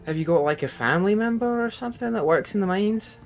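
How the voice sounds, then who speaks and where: A man putting on a fussy gate guard, higher pitched, polite and apologetic, rule-bound, with music playing faintly behind. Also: expressive, quick pace, vocal fry. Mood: officious. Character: male human mine gate guard, dutiful, nervous about his job.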